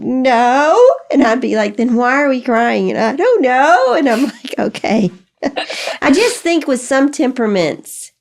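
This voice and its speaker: An older woman hosting a podcast, giving chatty, reassuring motherly advice in casual conversation. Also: fairly high pitch. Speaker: podcast host answering parenting questions. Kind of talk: casual chat.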